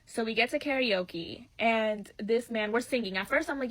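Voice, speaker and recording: A young woman telling a dating story in a casual vlog, animated, slangy and profane, acting out what people said. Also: fairly high pitch, normal speed, few pauses, rough recording.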